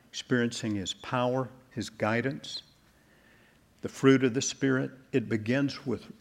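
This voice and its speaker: A man delivers a sermon in a husky, slightly breathy voice of middle pitch. He preaches in a measured, deliberate way and slows down to lean on key words. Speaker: pastor.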